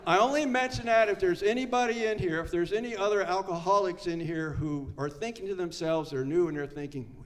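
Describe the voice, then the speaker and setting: A man's voice: sits high, brisk, few pauses. An older man from Maryland sharing his recovery story at a meeting, conversational and self-mocking. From Maryland, United States. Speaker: AA speaker. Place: meeting room before a live audience.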